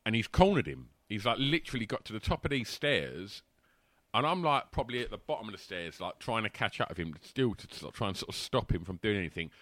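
A man tells a chaotic story over a video call, laughing as he goes and slipping into other people's voices. His voice is bright and swings widely in pitch. The recording sounds dry and close. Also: quick pace, no echo. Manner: animated, laughing, acts out voices. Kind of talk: casual storytelling chat.

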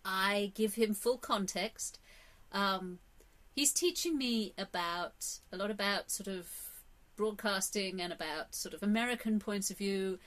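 A woman's voice: medium pitch, a little slow, fairly bright tone. A woman from England with an English accent, talking casually in a rambling, opinionated monologue full of fillers and emphatic bursts. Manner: chatty, rambling, with many fillers and sudden emphatic rises. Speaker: vlogger.

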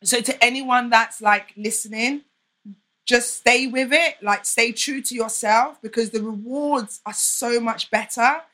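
Young woman guesting on a podcast, bright voice, talks open and emphatic. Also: on the high side, measured pace. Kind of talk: candid conversational interview.

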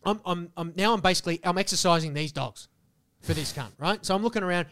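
A young man with a fairly high-pitched voice, co-hosting a casual podcast. He tells a story full of swearing with animated, rambling energy. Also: fast, hardly any pauses. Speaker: podcast co-host.

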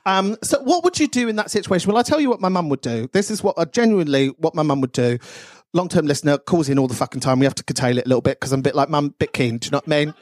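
A man hosts a live podcast on stage, bouncing between crude stories and banter with the crowd. His pitch leaps all over the place, and he laughs through much of what he says. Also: racing. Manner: animated, swearing, laughing often. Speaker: podcast host. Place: live venue with audience.

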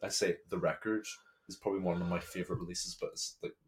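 Low-voiced, hesitant podcast co-host man. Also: steady tone, fast talker. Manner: hesitant, rambling with many "like"s. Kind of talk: casual chat.

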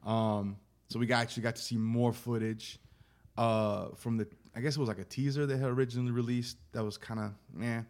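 A man's voice: mid-range voice, fairly even intonation, a little fast, darkish tone. A man co-hosting a podcast in casual chat, easygoing and teasing his co-host.

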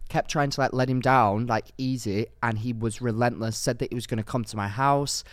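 A young man from England co-hosting a podcast, telling stories in a casual, animated way and mimicking the people in them. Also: medium pitch, a little fast, no room sound, studio quality. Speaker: podcast co-host. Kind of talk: casual chat.

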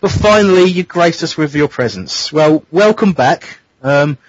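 Man hosting a radio chat show, husky slightly high voice, dry lo-fi sound; playful, teasing delivery. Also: animated, measured pace, no room sound. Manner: teasing, jokey. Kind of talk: casual radio banter.

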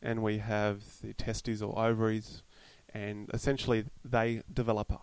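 A man, co-hosting an educational podcast, explaining in an earnest, halting way. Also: lowish voice, flat delivery, smooth, no echo, rough recording. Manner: earnest, hesitant explaining with fillers. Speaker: podcast co-host. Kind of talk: casual educational chat.

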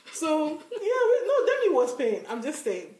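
A woman's voice: high voice, a little slow, roomy sound, a little hiss or hum. A young woman co-hosting a podcast, telling stories in casual chat and laughing often. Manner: laughs often, animated storytelling. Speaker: podcast co-host.

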